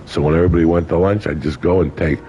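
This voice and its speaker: A man's voice: low-pitched, fairly even intonation, very fast, lo-fi sound, slight background noise. An older man telling stories in a casual interview, colorful and profane, acting out other people's lines. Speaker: guest. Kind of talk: casual storytelling.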